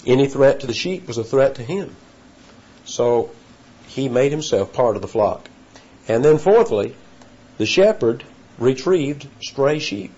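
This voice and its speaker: Man, preacher, husky voice, deliberate teaching sermon, muffled lo-fi recording. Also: mid-range voice, animated, dark tone. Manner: deliberate teacher, stressing words slowly, with restarts.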